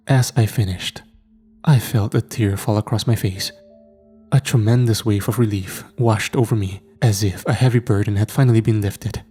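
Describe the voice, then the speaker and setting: A man calmly narrating a horror story in a measured, scripted way. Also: fairly low pitch, slightly rough, faint music behind.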